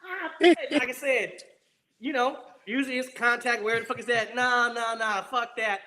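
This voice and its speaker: An American man, a former Marine, telling a war story in a lively, profane way and acting out the people he quotes. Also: extremely high pitch, moderate pace. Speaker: guest, former Marine rifleman.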